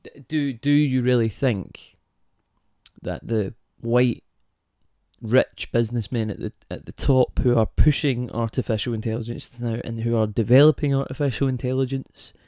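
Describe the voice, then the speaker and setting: A man hosts his own podcast, thinking aloud in a casual, rambling monologue at an ordinary middle pitch, steady tone and normal speed. He keeps drifting into tangents and asks rhetorical questions, checking whether listeners follow him. The close mic sounds dry with no room echo.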